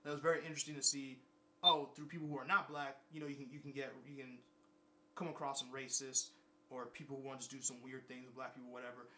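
A man's voice: mid-range voice, flat delivery, quick pace, sharp tone, slight background noise. A young man talking casually and at length, rambling, repeating himself and swearing freely. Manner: rambling, repetitive, profane. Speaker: vlogger. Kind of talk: casual monologue.

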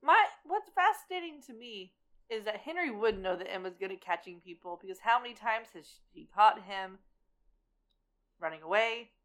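A woman's voice: medium pitch, animated, moderate pace, a bit bright. Wry, sarcastic woman co-host. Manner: wry, sarcastic asides with casual swearing. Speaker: podcast co-host. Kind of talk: casual chat.

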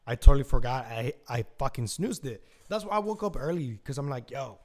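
Expressive and a little fast, this man's mid-range voice has a slightly mellow quality. Hosting a podcast, he rambles casually on his own, profanity and fillers sprinkled all through.

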